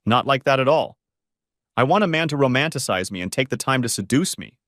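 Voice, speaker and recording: A man reading a story aloud, voicing a tearful, pleading wife who breaks into shrill outbursts. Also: expressive, brisk, fairly bright tone, no room sound, clean studio sound, natural voice.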